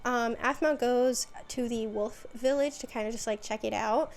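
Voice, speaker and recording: A woman's voice: on the high side, steady tone, normal speed. A young woman hosting a casual recap video, telling the story in a rambling, filler-heavy way. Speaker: video host.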